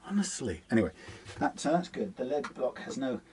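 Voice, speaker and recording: A man's voice: mid-range voice, sing-song, a little fast, darkish tone, a little hiss or hum. A man talking casually through a guitar setup in his workshop, rambling and muttering to himself as he works. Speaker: guitar technician. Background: guitar being plucked.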